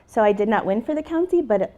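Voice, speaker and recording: A woman's voice: fairly high pitch, expressive, quick pace, warm tone. A middle-aged woman teacher giving a conference presentation, telling a heartfelt personal story to a live audience and acting out the dialogue in it. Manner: heartfelt, emotional, retelling dialogue. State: tearful at moments.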